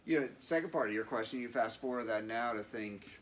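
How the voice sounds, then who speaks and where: A man's voice: medium pitch, brisk, a little hiss or hum. A man in his thirties, a guest in an interview, telling his story in an earnest, reflective way with many fillers. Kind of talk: candid interview.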